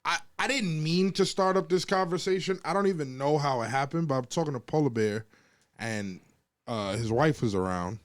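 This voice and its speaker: Co-hosting a podcast, a man with a somewhat high voice launches into heated, profanity-laced rants while debating and telling stories casually, imitating the people he quotes. He speaks at a normal speed, and the studio sound is clean with no echo.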